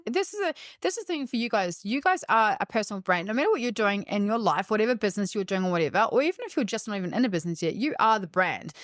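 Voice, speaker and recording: A woman's voice: mid-range voice, animated, very fast, few pauses, dry recording, studio quality. A woman with an Australian accent co-hosting a podcast, talking eagerly and enthusiastically. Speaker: podcast co-host. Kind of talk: casual podcast chat.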